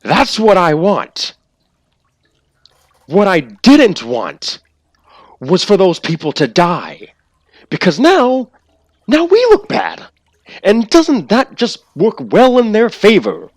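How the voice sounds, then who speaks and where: A man voicing a vengeful male cult leader in a tabletop game, moving between shouted rage and soft, soothing persuasion. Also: high-pitched, huge pitch swings, slow pace, pauses often, no echo, voice pushed up, full character voice. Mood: furious.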